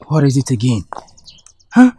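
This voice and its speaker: A man's voice: medium pitch, sing-song, normal speed, warm tone, slight background noise. A man with a Ghanaian English accent acting a student in a comedy skit, pleading and placating, repeating himself.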